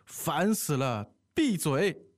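A man's voice: fairly high pitch, big pitch swings, slow. A man voicing a flustered, exasperated husband in a scripted lesson dialogue. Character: flustered man who lost his phone.

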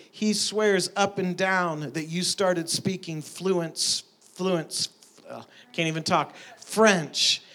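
A preacher with a slightly high voice tells a story from the pulpit. His delivery is animated, and it rises to emphatic peaks as he makes each point. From Tulsa, Oklahoma. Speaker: pastor. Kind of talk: sermon with storytelling.

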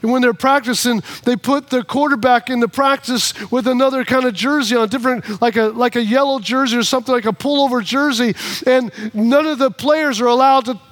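Guy preaching in church, really high voice, animated, acts out the back and forth. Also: fairly quick. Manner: animated, repeats phrases, acts out both sides of arguments. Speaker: pastor. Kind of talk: sermon with personal stories. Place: church in front of a congregation.

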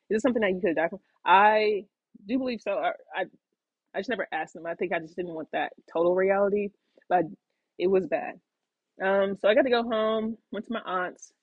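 A woman's voice: fairly low pitch, slightly rough, no room sound, phone-quality sound. A woman hosting her own podcast, telling a personal story in a rambling, casual way with lots of fillers, restarts and acted-out quotes. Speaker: podcast host.

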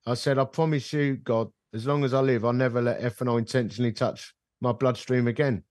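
A man's voice: mid-range voice, a little fast, dry recording, clean studio sound. A middle-aged man, a guest on a podcast, telling a personal story in casual conversation and acting out the dialogue. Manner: animated storyteller who acts out dialogue. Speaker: podcast guest, ministry leader. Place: bar.

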